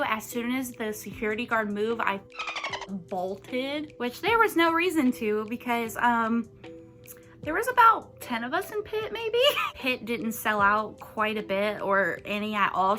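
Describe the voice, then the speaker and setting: A young woman tells a story to her vlog audience in a casual, emotional rush, full of fillers. Her voice is bright and sits a little high. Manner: gushing and emotional, with many fillers. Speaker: vlogger.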